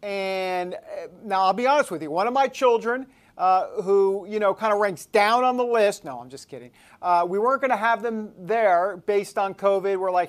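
A man from New York hosting a talk show, joking and rambling, swinging between loud and soft. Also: high voice, normal speed, hardly any pauses.

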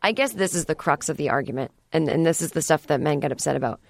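A woman's voice: low voice, quick pace, gravelly, no room sound. Chatty woman comedian hosting a podcast. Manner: chatty, animated, jumps into playful voices for quoted people. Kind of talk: casual comedic monologue. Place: podcast studio.

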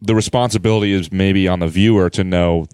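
Low-voiced male podcast host. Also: a little fast, smooth, dry recording, studio quality. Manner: relaxed, brief agreeing replies. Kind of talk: casual interview chat.

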